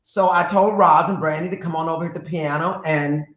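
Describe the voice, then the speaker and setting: A woman guest telling stories in a casual interview, in a brassy, profane, animated way that slips into sung phrases. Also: fairly low pitch, fairly quick. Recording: roomy echo with faint piano.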